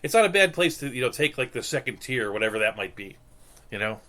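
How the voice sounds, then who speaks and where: A man in his thirties co-hosting a podcast in casual chat, rambling with halting restarts and deadpan jokes. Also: mid-range voice. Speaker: podcast co-host.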